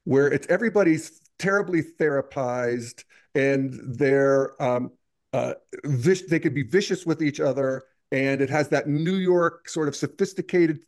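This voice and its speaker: A man hosting a casual film discussion, talking in a rambling, hesitant way with many restarts. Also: fairly high pitch. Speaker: podcast host.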